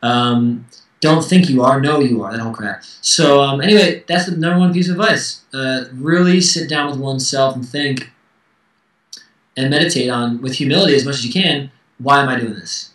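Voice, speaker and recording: A man's voice: medium pitch, moderate pace, fairly bright tone, roomy sound, recorded from a distance, low-quality recording. A man in his thirties, a musician guest speaking candidly and acting out quoted dialogue in casual interview chat.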